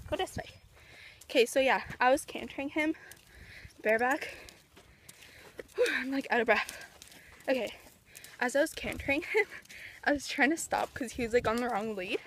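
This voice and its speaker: High-voiced young woman vlogging from horseback. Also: fairly quick, long pauses, a bit bright, slight background noise. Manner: chatty, full of "like" fillers; coaxing her horse while riding. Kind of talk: casual vlog chat. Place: outdoors at a barn, on horseback.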